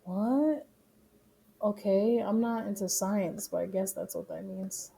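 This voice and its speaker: A woman's voice: mid-range voice, fairly even intonation, moderate pace, gravelly, dark tone. A young woman streaming, casually reacting with profane, joking commentary.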